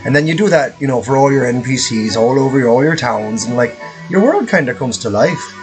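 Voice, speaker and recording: A man's voice: mid-range voice, expressive, a little fast, music in the background, poor audio. A man casually commentating his gameplay as a streamer, rambling with lots of fillers and offhand swearing.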